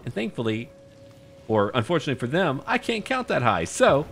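A man's voice: on the high side, wildly swooping pitch, fast, gravelly, fairly bright tone, faint music behind. A man giving playful, boastful commentary on a roleplay strategy game campaign and mocking the enemy. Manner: playful, boastful trash-talk of enemies. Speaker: gaming YouTuber.

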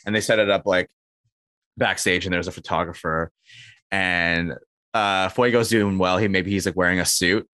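A man with a fairly low voice rambles through goofy ideas on a casual podcast, full of ums and restarts. His sound is dry and close to the mic, with no room around it. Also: fairly even intonation, normal speed, bright, forceful tone, dry recording. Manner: rambling, many fillers, acts out quoted lines in a raised voice. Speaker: podcast co-host. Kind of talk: casual comedic chat.

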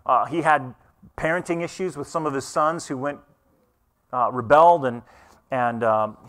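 A man's voice: a little high, fairly bright tone. Earnest man preaching a sermon. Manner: conversational, earnest, asks the congregation questions. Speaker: pastor. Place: church.

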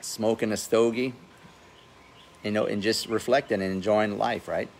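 A man in his forties with a lowish voice speaks at normal speed and fairly even intonation, with a little hiss or hum in the audio. As a real estate investor and host, he gives blunt, cursing business advice in a casual livestream outdoors by his pool, noting he has a funny accent.

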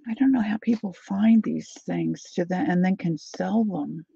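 A woman hosting a casual live chat with her viewers, talking them through things as she unpacks and sometimes dropping to a soft whisper. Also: lowish voice, moderate pace, vocal fry, breathy edge, lo-fi sound. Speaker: livestream host.

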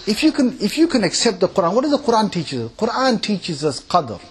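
A man delivers a religious lecture in a very high, husky voice. His pitch leaps up and down as he talks, and his manner is animated, mocking and conversational. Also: quick pace. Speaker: Islamic lecturer. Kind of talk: lively sermon-style lecture.

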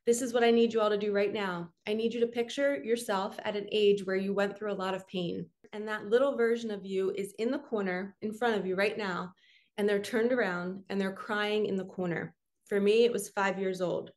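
A woman's voice: mid-range voice, fairly even intonation, normal speed. A woman spiritual coach giving an earnest, emotional guided healing talk straight to her viewers.

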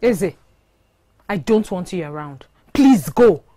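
A woman playing a pregnant young woman who is sharp and dismissive. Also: lowish voice, expressive, slow. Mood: angry. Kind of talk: film acting.

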